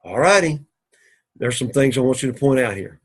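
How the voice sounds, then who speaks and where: A man teaching an introductory Greek class, explaining sentences step by step with patient, drawn-out phrasing and frequent throat-clearing. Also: medium pitch, lively intonation. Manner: patient, drawn-out explaining with many "all righty"s and restarts. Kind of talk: recorded classroom lecture.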